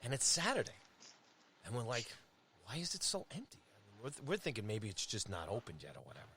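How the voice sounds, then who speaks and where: A man, co-hosting a sports podcast and telling a road-trip story in a casual, animated way. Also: lowish voice, fast talker, slight background noise. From Long Island, New York. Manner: animated, acts out quoted voices. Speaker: podcast co-host.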